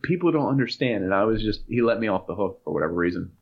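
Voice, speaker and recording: A man's voice: low-pitched, racing. A man in his thirties co-hosting a podcast in casual chat, often laughing while telling stories. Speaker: podcast co-host. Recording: dull lo-fi sound.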